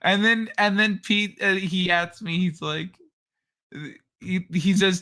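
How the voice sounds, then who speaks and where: Male streamer, high bright voice, swears freely, laughs through stories. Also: fairly even intonation, measured pace. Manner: swears a lot, laughs while telling stories. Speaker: livestream host. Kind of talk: casual late-night stream chat.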